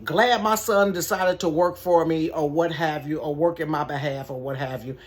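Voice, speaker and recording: A middle-aged woman who manages a store tells a casual storytime vlog from her bedroom, chatty and animated, talking straight to her viewers. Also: low-pitched, moderate pace.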